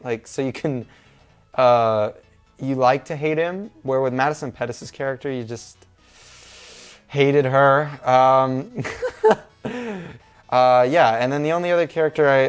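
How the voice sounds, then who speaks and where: A man's voice: medium pitch, clear, resonant tone. A young man talking through a movie review in a casual, rambling, informal way.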